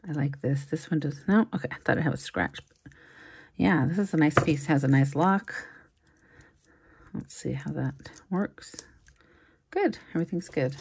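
A woman's voice: sits low, creaky, a little mellow, husky. A woman reseller musing aloud in a casual unboxing commentary, chatty and full of little fillers. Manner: chatty, musing aloud, frequent likes and ums. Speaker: jewelry reseller.

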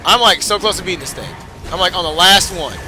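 A young man narrating his game in casual commentary, frustrated and swearing, repeating his cheers. His voice is high and very bright, almost sharp. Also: animated, quick pace, faint music behind. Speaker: gamer.

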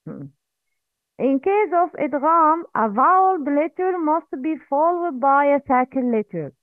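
A woman teaching Quran recitation, drilling pronunciation slowly and correcting errors. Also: high voice, expressive, dry recording. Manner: slow, drilling repetition with corrections. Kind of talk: recorded language lesson. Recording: tinny phone-like audio, dry.

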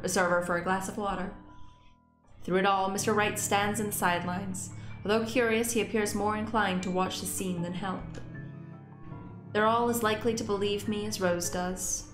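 A woman gaming YouTuber reading a visual novel aloud and reacting, excitable and swearing freely. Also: reverberant. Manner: excitable, swears freely, squeaks when frustrated.

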